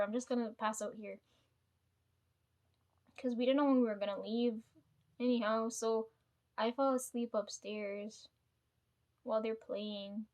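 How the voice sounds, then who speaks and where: A woman's voice: a little high, a little mellow. A young adult woman telling a casual personal vlog story, rambling with many fillers and tag questions and swearing freely. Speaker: vlogger.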